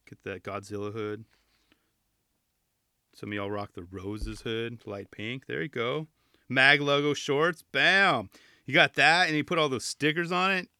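A man in his thirties hosts a podcast in a loose, joking way, rambling from one aside to the next. His voice has a bright, forceful edge at an ordinary pitch. The sound is dry, with no room around it. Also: no room sound. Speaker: podcast host. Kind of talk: casual chat reviewing a magazine.

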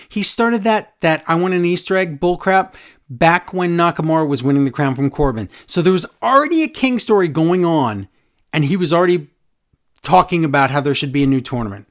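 A man's voice: on the high side, expressive, fairly quick, a bit bright. A man co-hosting a casual wrestling podcast, ranting and mocking wrestlers with sing-song repeated lines. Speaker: podcast co-host.

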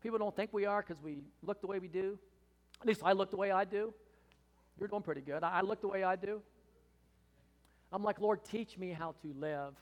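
A high-voiced older man in his sixties preaching with earnest, emphatic conviction. His voice carries a long hall reverb, and his sermon swells into impassioned pleas. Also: a little fast, pauses often, lo-fi sound. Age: 60s. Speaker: pastor. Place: church hall.

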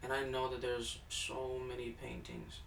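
A woman's voice: very deep voice, monotone, unhurried, creaky, recorded from a distance. A woman co-hosting a casual podcast, chiming in with short, blunt reactions and swearing freely. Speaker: podcast co-host. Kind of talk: casual chat. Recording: echoey room, off-mic, faint hum.

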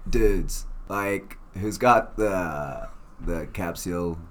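A man's voice: low-pitched, drawn-out words. A man voicing a laid-back surfer-dude clone in a tabletop role-play, drawling in surfer slang.

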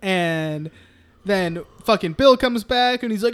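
A young man co-hosting a casual film podcast, recapping scenes, swearing freely and acting out characters in quick voices. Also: high-pitched, animated, a bit bright, clean tone. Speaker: podcast co-host.

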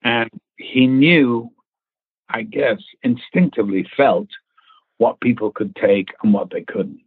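An English actor, appearing as an interview guest, tells anecdotes and mimics the voices of the people he quotes. His voice is mid-range and husky, and he speaks slowly. There is no room sound, but the line is tinny and phone-like.

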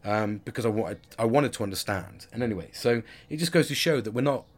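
A man's voice: on the low side, quick pace. A man in his forties talking candidly in a rambling personal monologue, with frequent restarts and casual swearing. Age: 40s.

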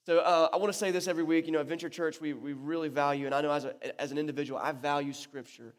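This pastor's voice sits a little high and moves fast as he delivers a sermon to his church. He talks in a loose, lively way, frequently starting sentences over, and the hall around him echoes.

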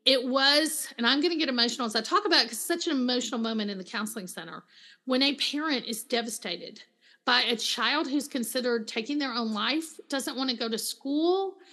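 A middle-aged woman, a counselor and author, chatting as an interview guest and telling stories with lively quoted voices. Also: high-pitched, normal speed. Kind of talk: casual interview chat.

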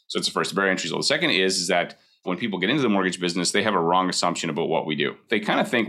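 A man's voice: sits low, lively intonation, rapid-fire, few pauses, pushed and bright. A man in his forties, a mortgage broker giving candid, conversational advice with emphatic repetition. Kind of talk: casual advice talk.

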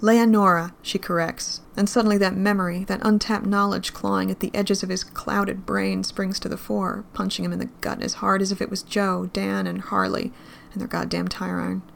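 A woman reading a dark piece of fan fiction aloud, her voice gravelly with fry. She keeps a flat, even line and a grim, measured pace through the narration. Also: medium pitch, slight background noise.

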